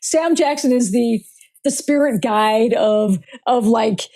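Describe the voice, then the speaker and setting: Upbeat woman guest, higher voice, quick jokes, casual interview chat. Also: mellow. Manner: playful, upbeat, coins jokey words. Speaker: guest, communication speaker.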